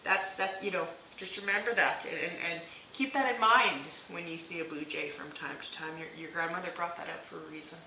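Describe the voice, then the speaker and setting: A woman gives a live-streamed psychic reading in a very bright, sharp-edged voice, gentle and reassuring as she checks in with "okay?". She sits back from the mic in an echoey room with faint hiss behind her. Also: on the low side, fairly even intonation, fairly quick, few pauses, recorded from a distance. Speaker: psychic medium.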